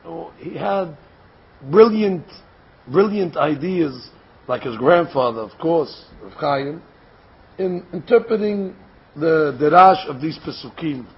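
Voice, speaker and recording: An older man giving a Torah lecture, speaking in a deliberate, explanatory way and posing rhetorical questions before answering them. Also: fairly high pitch, lively intonation, husky. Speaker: Torah teacher. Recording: dull lo-fi recording.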